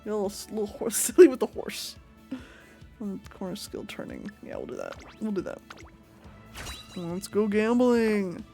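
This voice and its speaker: A woman streaming a game live, excitable and giggly as she chats with viewers and greets them. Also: medium pitch, a little fast, creaky. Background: game music.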